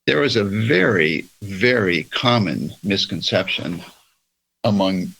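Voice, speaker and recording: A man leading a church roundtable, reading religious passages aloud in a slow, measured way. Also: low voice, expressive, gravelly, a bit bright, husky, poor audio. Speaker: church discussion leader. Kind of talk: reading and discussing religious texts.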